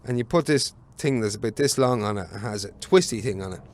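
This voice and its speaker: A man's voice: on the low side, fast. A man, a podcast guest telling rambling, sweary stories in casual chat.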